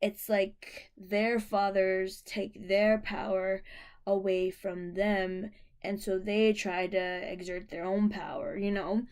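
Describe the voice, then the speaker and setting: A woman's voice: medium pitch, level tone, slow pace, darkish tone, smooth. A young woman vlogger telling a personal story to camera, emotional and rambling, with many fillers and restarts.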